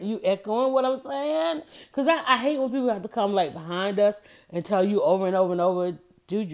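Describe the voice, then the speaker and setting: Woman commentator, emphatic, talks straight to listeners, mid-pitched voice. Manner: animated, emphatic, addresses listeners directly. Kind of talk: casual opinion monologue.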